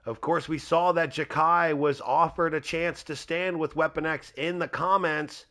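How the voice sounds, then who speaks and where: A man's voice: on the high side, fairly even intonation, unhurried, sharp tone. A man hosting a live wrestling video game show, commentating in a hyped, rambling way. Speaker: host.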